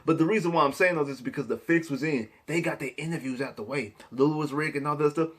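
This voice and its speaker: Young man, slightly high voice, emphatic and repetitive sports vlog rant. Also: fast talker. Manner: emphatic, repetitive, Southern-tinged slang. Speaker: sports vlogger.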